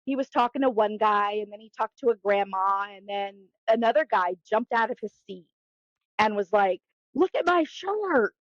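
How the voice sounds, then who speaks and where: A woman from New Jersey, co-hosting a podcast, tells stories in a casual, animated way and acts out what people said. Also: medium pitch, moderate pace, no echo. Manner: animated storyteller, acts out quotes. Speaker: podcast co-host. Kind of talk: casual chat. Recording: dull, dry lo-fi sound.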